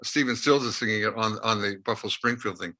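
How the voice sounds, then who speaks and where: A man, telling anecdotes in a lively way as an interview guest and acting out the dialogue. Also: fairly low pitch, quick pace. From Canada, Winnipeg. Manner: lively anecdotal storyteller who acts out dialogue. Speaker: interview guest, rock musician. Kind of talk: casual storytelling interview.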